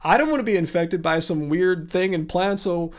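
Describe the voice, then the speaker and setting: A man with a fairly high voice hosts a casual livestream and answers viewer comments. He sounds sarcastic and incredulous, and he rambles with plenty of fillers and restarts. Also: moderate pace. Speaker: livestream host.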